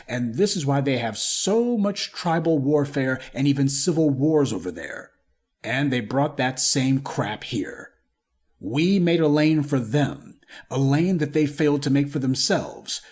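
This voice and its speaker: A man's voice: medium pitch, darkish tone. A man with a Southern American accent delivering a scornful, emphatic opinion monologue as a live-stream commentator. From Southern United States.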